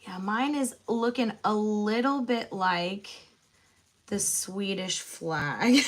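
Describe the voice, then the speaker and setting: A woman's voice: medium pitch, takes it slowly. A woman chatting casually while she colors on a live stream, musing aloud and laughing easily. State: out of breath. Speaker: host.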